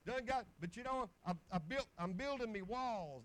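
A man's voice: high-pitched, expressive, takes it slowly, pauses often, fairly bright tone, poor audio. A man preaching a folksy sermon, telling homespun stories and chuckling along the way.

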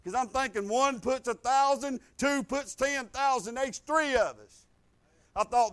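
A man preaching as a pastor, telling a personal testimony, animated, with loud emphatic lines and low quiet stretches, informal speech and restarts. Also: normal speed.

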